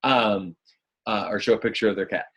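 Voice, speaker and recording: Husky upbeat male coach. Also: on the low side, steady tone, a little fast, a bit bright. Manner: upbeat, chatty, addresses listeners as guys. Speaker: fitness business coach. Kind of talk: live online coaching call.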